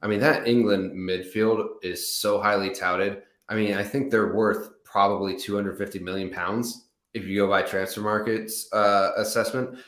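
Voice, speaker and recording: American male co-host, deep voice, laid-back sports banter, roomy sound. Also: steady tone, normal speed, few pauses, a bit bright. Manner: casual, repeats words as he starts sentences. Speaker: podcast co-host. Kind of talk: sports analysis chat.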